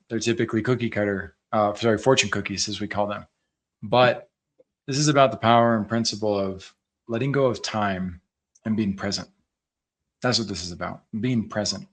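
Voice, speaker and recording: Earnest low-voiced podcast host. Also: male voice, a bit bright. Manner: earnest, addresses audience as friends. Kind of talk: interview hosting and closing monologue.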